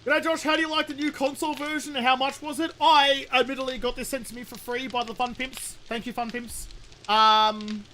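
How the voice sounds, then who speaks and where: A man's voice: extremely high pitch, level tone, fairly quick, pushed and bright, a little hiss or hum. A young man chatting casually while streaming a game, swearing freely and answering viewer questions. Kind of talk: casual live-stream chat while gaming.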